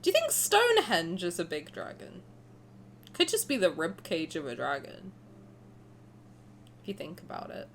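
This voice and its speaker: A young woman streaming a game reaction, excitable and gushing, laughing and swearing. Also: fairly low pitch, normal speed, pauses often, a little hiss or hum.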